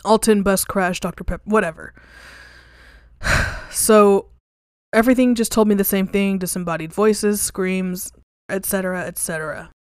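A woman's voice: medium pitch, fairly even intonation, moderate pace, clear, resonant tone, no room sound, clean studio sound. A young woman hosting a podcast, telling a ghost story in a candid, profane, casual way with lots of fillers. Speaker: podcast host. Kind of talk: casual storytelling about hauntings.

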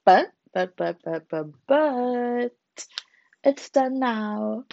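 A woman's voice: a little high, gravelly, dry recording, dull audio. A young woman from the Caribbean hosting a casual solo podcast, chatty and laughing at herself as she talks. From British Caribbean. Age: young adult. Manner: chatty, laughs at herself, lively swings in emphasis. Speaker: podcast host.

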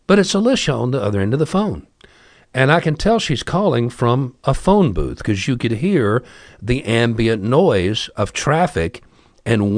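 Animated wry male storyteller. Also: medium pitch, no echo. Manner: wry, chatty, asides to the listener. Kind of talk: casual spoken storytelling.

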